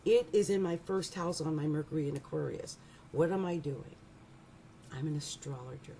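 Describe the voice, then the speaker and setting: A middle-aged woman giving a rambling, animated astrology reading, laughing often and restarting her sentences. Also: sits low, moderate pace, slight background noise. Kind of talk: casual monthly astrology reading.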